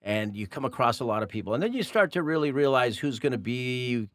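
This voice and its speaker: A man's voice: mid-range voice, animated, brisk, fairly bright tone, no room sound. Rambling male podcast host. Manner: rambling, many fillers and restarts. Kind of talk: casual podcast chat.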